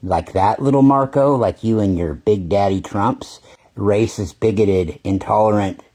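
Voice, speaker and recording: Sarcastic low-voiced man ranting. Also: a little slow, a little mellow. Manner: sarcastic, mocking, profane rants. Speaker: political commentary host. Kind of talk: angry reaction commentary.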